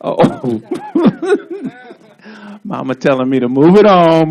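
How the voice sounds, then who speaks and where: A man with a gravelly, somewhat high voice tells a long, laid-back story to a crowd outdoors. He drawls along with plenty of asides. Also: wildly swooping pitch, takes it slowly, darkish tone, muffled recording. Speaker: honoree giving a speech. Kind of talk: casual storytelling speech. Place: outdoor street ceremony.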